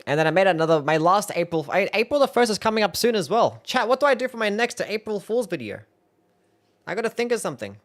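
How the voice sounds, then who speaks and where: A man's voice: sits high, big pitch swings, quick pace, fairly bright tone. A young man streaming live, reacting to his own old videos, laughing, swearing and mocking himself.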